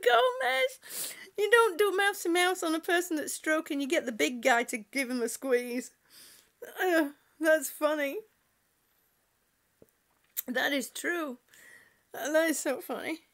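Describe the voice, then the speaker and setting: A woman's voice: sits high, unhurried, pauses often, fairly bright tone. A woman at home chatting on a livestream, reading viewer comments aloud and laughing often. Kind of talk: casual livestream chat. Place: at home indoors.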